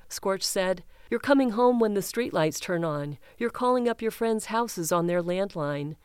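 A woman reading a news feature aloud in a measured, even way, first describing a photograph and then telling the story. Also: mid-range voice, smooth, no room sound, clean studio sound. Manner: measured, even, reads quotes without acting them. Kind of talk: scripted news narration with image description.

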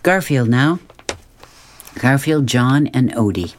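A man's voice: medium pitch, expressive, slow, slight background noise. A man reading comic strips aloud, describing each panel and chuckling often. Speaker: reader.

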